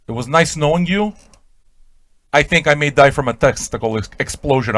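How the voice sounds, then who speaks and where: A man hosting a radio show, telling an improvised absurd comic story in a rambling, stammering way with sudden shouted outbursts. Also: medium pitch, no echo.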